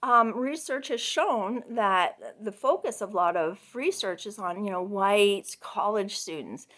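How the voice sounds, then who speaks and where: A woman's voice: medium pitch, measured pace, a bit bright. A middle-aged woman from Canada giving a class case presentation as a counseling student, chatty and full of fillers, laughing often.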